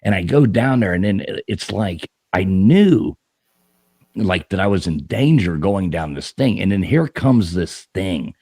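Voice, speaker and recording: A man's voice: deep voice, animated, a little slow, dark tone, husky, no echo, studio quality. A man hosting a live paranormal talk stream, telling stories in a rambling, casual way full of fillers and restarts. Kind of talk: casual chat.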